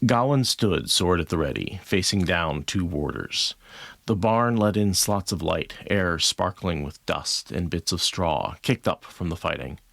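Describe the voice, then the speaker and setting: A man's voice: deep voice, unhurried, creaky, a bit bright, dry recording. A man co-hosting a book podcast, chatting playfully and laughing often, then reading passages aloud from a novel. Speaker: podcast co-host.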